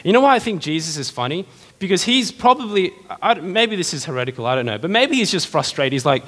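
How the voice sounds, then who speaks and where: A man preaching a sermon as pastor, in a lively, conversational way full of rhetorical questions. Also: sits high, quick pace. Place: church hall. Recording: long reverb of a church hall.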